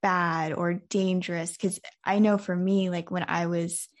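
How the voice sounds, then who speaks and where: A woman with a fairly low voice hosts a podcast. She asks loose, hesitant questions full of filler words. She sounds relaxed and conversational. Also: a little slow. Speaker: podcast host. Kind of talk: casual interview.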